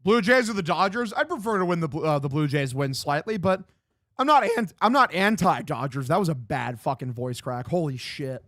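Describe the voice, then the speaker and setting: Young male streamer, fairly high voice, loose and profane, dead-dry home mic. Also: brisk, hardly any pauses, fairly bright tone, no room sound. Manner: loose, profane, reads chat aloud and answers. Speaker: streamer doing live play-by-play. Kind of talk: casual stream chat with play-by-play commentary. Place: home room.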